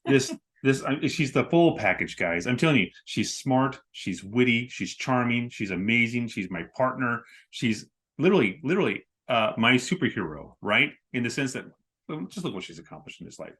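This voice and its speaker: A man's voice: mid-range voice, animated, moderate pace, a bit bright. A man co-hosting a casual show, joking and enthusiastic as he chats with his wife. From Southern California. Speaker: co-host. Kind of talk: casual podcast chat.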